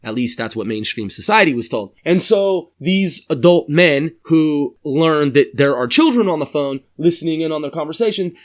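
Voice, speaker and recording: A man's voice: on the high side, lively intonation, normal speed, hardly any pauses. A middle-aged man casually explaining a screenplay in a rambling, profane way, acting out the voices of the characters he describes.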